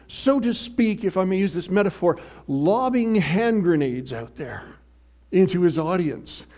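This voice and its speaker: High-voiced, animated male preacher. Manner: animated, emphatic, swings from loud to hushed. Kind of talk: sermon.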